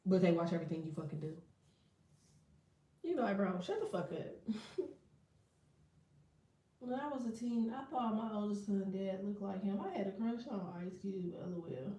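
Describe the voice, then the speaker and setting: A woman talking loosely to her viewers on a livestream, cursing freely as she tells her stories and reacts to comments. Her voice sits at a middling pitch. It comes from a little way off the mic, with the echo of the room around it. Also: animated, moderate pace, long pauses, dark tone, far from the mic, highs cut off. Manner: profane, candid storytelling with laughter. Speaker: tarot and astrology reader. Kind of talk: casual livestream chat. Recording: echoey room, voice set back from the mic.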